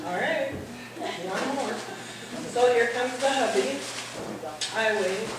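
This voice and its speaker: A middle-aged woman telling a funny farm story live at a party, acting out the men's shouting. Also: takes it slowly. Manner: animated, acts out the men's shouting in a higher voice. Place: hall at a holiday party. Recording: echoey hall, mic at a distance, audience noise.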